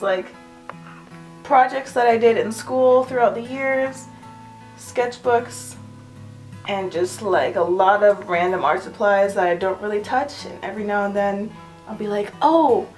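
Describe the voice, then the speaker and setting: Chatty and giggly, a young woman shows off her home art studio in a casual, self-mocking way. Her voice sits fairly high with a darkish tone, and the recording has an echoey room sound.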